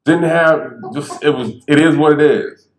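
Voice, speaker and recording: A man who stutters, telling stories on stage in a lively, conversational way and acting out the people he quotes. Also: a little high, unhurried. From Bridgeport, Connecticut. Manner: animated, conversational, acts out quotes. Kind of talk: storytelling talk. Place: theater stage. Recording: echoey theater.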